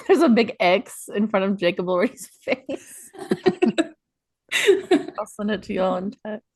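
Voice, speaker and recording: A playful young woman co-hosts a podcast, giggling through casual chat. Her voice is slightly higher than average for a woman. The recording is dry and close. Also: a little slow, no echo. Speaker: podcast co-host.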